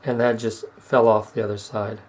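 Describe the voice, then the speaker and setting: A middle-aged man giving casual step-by-step how-to narration while demonstrating razor honing, unhurried and plain-spoken. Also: lowish voice, flat delivery, a little mellow, rough recording. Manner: unhurried, explains step by step with fillers.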